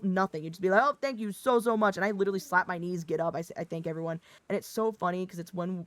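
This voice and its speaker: A woman streamer from the American Midwest chatting casually, rambling and swearing, laughing often, with an expressive, slightly Valley Girl tinge. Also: fairly low pitch, no room sound. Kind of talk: casual livestream chat.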